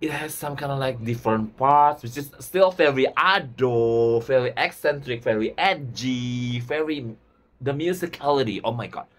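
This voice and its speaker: An excitable YouTube host reacting to a music video with breathless enthusiasm. The speech is loose, non-native English, packed with "like" fillers and repeated "oh my God". The pitch sits at a middle height. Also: moderate pace.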